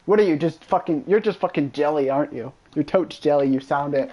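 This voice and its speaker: Brisk and with few pauses, a man with a slightly high voice streams a video game. He chats casually and trash-talks a friend, swearing plenty, in profane, excitable gameplay commentary.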